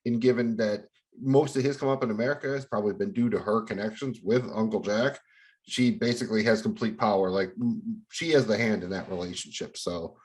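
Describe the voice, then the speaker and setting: A man's voice: on the low side, brisk, darkish tone. A man co-hosting a podcast, explaining plot points in long run-on sentences full of fillers. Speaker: podcast co-host. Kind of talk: casual chat.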